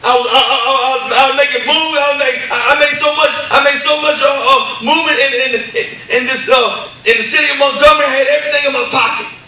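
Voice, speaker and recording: High, bright man shouting a testimony. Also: steady tone, quick pace, heavy reverb, recorded from a distance, poor audio. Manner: stammering repetitions, builds to shouting. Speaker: testimony speaker. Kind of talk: impassioned church testimony. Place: church hall.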